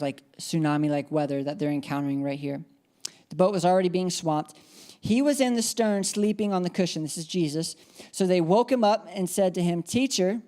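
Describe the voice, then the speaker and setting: A woman's voice: lowish voice, mellow. Woman preaching an emphatic sermon. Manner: emphatic, repeats key phrases, leads congregation responses. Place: church.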